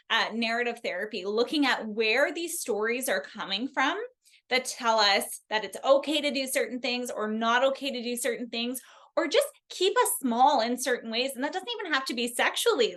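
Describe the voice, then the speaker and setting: A woman sex therapist as a podcast guest, speaking gently and invitingly in casual chat. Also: on the high side.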